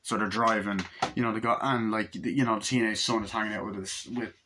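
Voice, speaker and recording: A man's voice: on the low side, steady tone, a little fast, noisy background. A man giving a casual, rambling film review, swearing freely and retelling scenes loosely. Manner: loose, profane, full of fillers and retellings. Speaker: movie reviewer.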